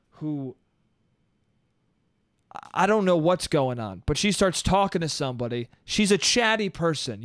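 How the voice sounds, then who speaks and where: A man hosting a podcast who delivers an animated, comedic storytelling monologue, swearing freely and calling the listener "dude". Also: a little high, clean tone, dry recording, clean studio sound. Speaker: podcast host.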